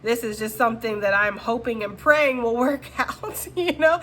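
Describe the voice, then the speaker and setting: A woman's voice: fairly high pitch, normal speed, few pauses, a bit bright, a little hiss or hum. A woman giving a casual, chatty tarot reading and addressing her viewers directly. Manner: chatty, full of fillers. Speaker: tarot reader.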